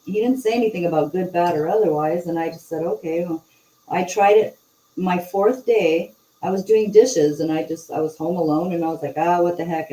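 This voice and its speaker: A woman hosts a casual chat and slips into animated storytelling. Her voice is mellow and dark. She sits some way from the mic in an echoey room. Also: on the low side, far from the mic. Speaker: host.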